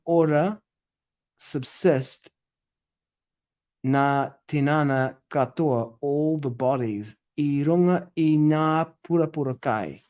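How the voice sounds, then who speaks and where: Slow, musing man thinking aloud. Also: fairly high pitch, darkish tone. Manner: tentative, self-correcting, musing. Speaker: scripture study presenter. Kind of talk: thinking aloud while working through a translation.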